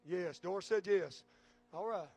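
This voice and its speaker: Man, very high voice, pastor preaching, call-and-response, rising to shouts. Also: measured pace. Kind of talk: sermon.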